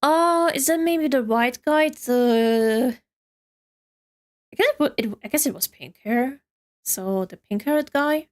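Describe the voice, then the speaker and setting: A woman's voice: high voice, slow pace. A woman streamer giving casual, giggly commentary while playing a game, chatty and often correcting herself.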